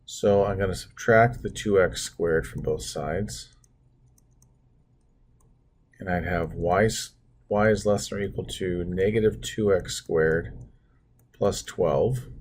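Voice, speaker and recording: In a screen-recorded math lesson, a man draws on a computer screen and talks through each step, tossing in self-deprecating asides. His voice is low-pitched, a little slow and darkish, with slight background noise.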